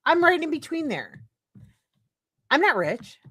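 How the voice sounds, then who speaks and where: A woman's voice: high-pitched, sing-song, unhurried, a bit bright. A middle-aged woman streaming commentary, reading a text aloud and breaking into heated, profane, sarcastic rants. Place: home streaming setup.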